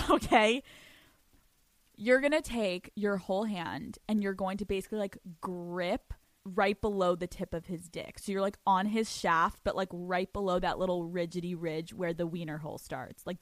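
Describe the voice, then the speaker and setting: A woman's voice: fairly low pitch, dry recording. Brash, profane young woman podcast host. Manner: brash, profane and rapid, with frequent laughs. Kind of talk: solo podcast rant and sex-advice talk.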